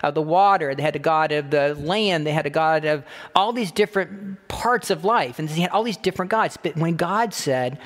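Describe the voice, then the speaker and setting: A man preaching a sermon, emphatic and repetitive, slowing down to quote scripture. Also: fairly high pitch, fairly bright tone, long reverb tail. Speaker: pastor.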